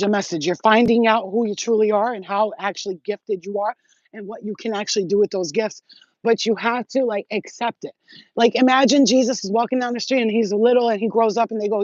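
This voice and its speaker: A woman talking as a spiritual healer in a rambling, animated and profane livestream monologue. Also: mid-range voice, no room sound, lo-fi sound.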